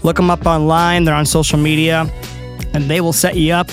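Upbeat co-host with a high voice reading sponsor plugs over faint music. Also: male voice, level tone, fairly quick. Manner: upbeat, reads ad spots with rising enthusiasm. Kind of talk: casual sports talk show.

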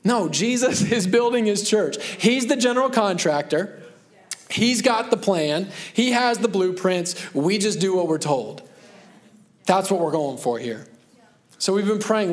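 A man's voice: sits high, normal speed. A man in his thirties preaching a sermon as pastor, earnest and conversational, with self-deprecating asides.

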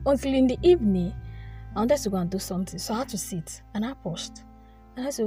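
A woman's voice: fairly high pitch, animated, fast, dark tone, soft background music. A young woman giving an earnest devotional talk, often repeating her phrases. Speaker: devotional speaker. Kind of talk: informal devotional teaching.

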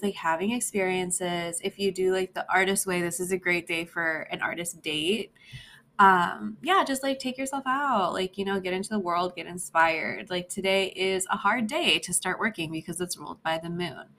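A woman's voice: lowish voice, fairly even intonation, moderate pace, a bit bright, a little hiss or hum. A woman talks through her solo podcast in a loose, chatty way. Her speech has a Valley Girl lilt, full of "like" and "um", and she sounds a little nervous. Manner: Valley Girl-ish, lots of "like" and "um". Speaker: podcast host. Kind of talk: casual solo podcast chat.

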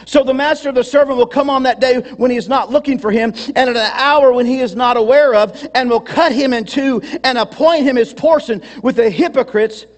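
High-voiced preacher in echoing hall. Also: male voice, a little fast, hardly any pauses. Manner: preaching with congregation call-and-response, rising to shouts. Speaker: pastor. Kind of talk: sermon. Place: church sanctuary. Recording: long hall reverb.

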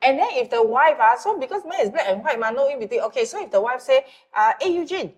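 Animated Singaporean woman, higher voice. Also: fast talker, slightly rough. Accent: Singaporean English. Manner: exasperated, teasing, animated. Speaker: host. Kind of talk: casual podcast chat.

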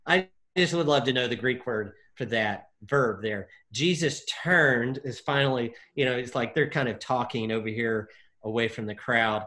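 A man discussing a Bible passage in casual chat, animated, acting out the figures' lines with lots of fillers. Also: mid-range voice, moderate pace. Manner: animated, acts out quotes, many fillers.

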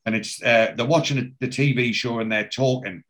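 A man's voice: medium pitch, normal speed, fairly bright tone. A man, casually recapping a TV episode as a podcast host, telling it in a rambling way with many fillers.

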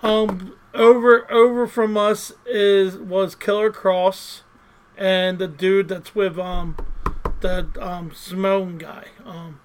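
High-voiced rambling man telling stories. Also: slow, rough recording. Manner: rambling, animated storyteller with many fillers. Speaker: podcast co-host. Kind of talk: casual chat.

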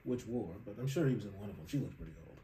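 A man's voice: lowish voice, lively intonation, rapid-fire, warm tone, slight background noise. A man co-hosting a podcast in casual chat, joking playfully and laughing as he tells his story. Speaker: podcast co-host.

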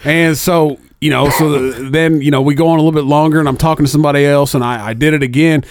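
A man's voice: fast talker, no echo. A man telling a story with swearing on a podcast, jumping his voice up for quoted lines. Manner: animated, swearing, jumps up in pitch for quotes.

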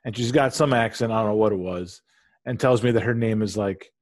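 A man's voice: on the low side, fairly quick, no echo, studio quality. A man in casual chat telling a story with lots of swearing, acting out both sides of a phone call. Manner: profane, animated storyteller who acts out both sides of a call.

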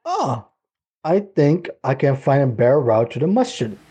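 A man doing a husky hurried dad. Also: mid-range voice, very animated, mellow. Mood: determined. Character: hurried father driving the family. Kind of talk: storybook character voice.

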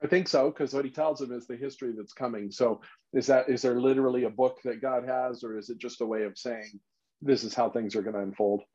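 A man's voice: medium pitch, fairly even intonation, a little fast, mellow. A man leading a casual Bible study, talking emphatically and thinking aloud as he explains. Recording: slightly dull lo-fi recording.

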